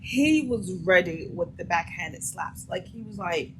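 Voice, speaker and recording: A woman's voice: lowish voice, expressive, measured pace, slight background noise, rough recording. A woman hosting a vlog, reacting to a clip with blunt, emphatic opinions in a casual way. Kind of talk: casual commentary.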